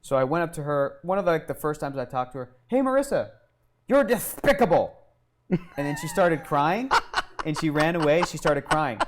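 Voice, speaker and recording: A man telling a long childhood story as an interview guest, animated and swearing often, acting out what people said. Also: a little high, fairly quick. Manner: animated and profane, acting out quotes.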